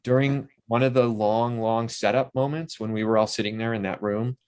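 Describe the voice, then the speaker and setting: A man in his sixties, an interview guest who tells lively stories about a film shoot and acts out what people said on set. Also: mid-range voice, moderate pace, clean tone. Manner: animated storyteller who acts out quotes from the set. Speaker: interview guest, actor and playwright. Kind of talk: casual interview chat.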